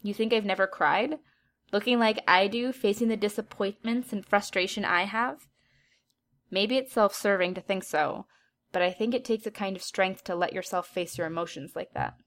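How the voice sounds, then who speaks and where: A woman's voice: medium pitch, moderate pace, a bit bright, lightly acted. A woman voicing an earnest twelve-year-old girl hero in a storybook reading, defensive and hurt. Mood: reflective.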